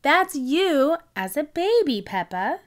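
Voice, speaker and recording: A woman voicing a calm, patient mother pig in a children's storybook, speaking gently and reassuringly. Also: high-pitched, takes it slowly, pitched above the performer's own voice, exaggerated voice.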